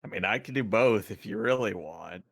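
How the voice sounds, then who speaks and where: A relaxed man narrates his characters' actions in a tabletop game. His voice sits low and easy. The recording is close and dry. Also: normal speed, creaky, breathy edge, no echo. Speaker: player.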